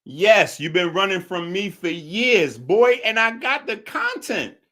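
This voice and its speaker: A man's voice: high-pitched, sing-song, measured pace, sharp tone. A man hosting a show, giving a mocking, preachy commentary on a clip he has just played. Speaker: show host.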